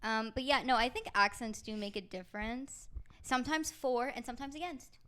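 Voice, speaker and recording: A woman with a fairly high voice chats easily as a podcast co-host. She talks loosely, with quick laughs between thoughts. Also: sharp tone, smooth. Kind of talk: casual chat.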